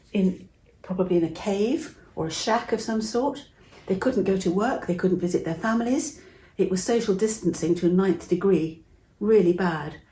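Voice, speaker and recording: A middle-aged Englishwoman with a mid-range voice tells children a Bible story in a chatty, expressive way, acting out the voices. The sound is roomy.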